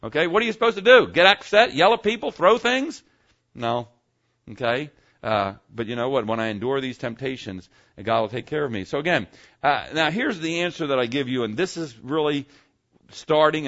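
A man's voice: mid-range voice, animated, brisk, a bit bright, dull audio. A middle-aged man preaching a conversational sermon as a pastor, often checking in with his listeners. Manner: folksy, conversational preaching with frequent "okay?" check-ins.

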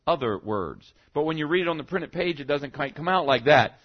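A man's voice: fairly high pitch, animated, normal speed, muffled recording. A male pastor preaching a teaching sermon in a conversational way, often checking in with the congregation and punching key words for emphasis.

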